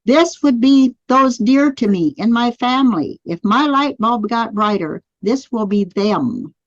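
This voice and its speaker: A woman guides listeners through spoken affirmations in a live online energy healing class, her voice high-leaning, animated and unhurried. The sound comes from a computer mic on a live video stream, dry and missing the highs.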